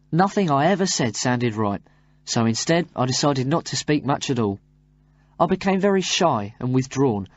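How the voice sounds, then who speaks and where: A man reading a first-person passage aloud for a textbook audio track, in an expressive, rising and falling manner. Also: mid-range voice, lo-fi sound.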